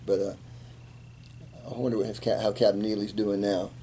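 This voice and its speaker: A man in his seventies, a retired Army colonel, telling animated stories in an interview and acting out the quotes. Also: on the low side, moderate pace, slight background noise. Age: 70s. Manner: animated anecdote teller, acts out quotes, laughs. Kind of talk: storytelling in an interview.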